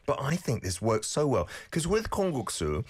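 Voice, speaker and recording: A man's voice: medium pitch, very animated, moderate pace, husky. A man co-hosting a casual food-tasting chat, enthusiastic and chatty as he eats. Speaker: co-host.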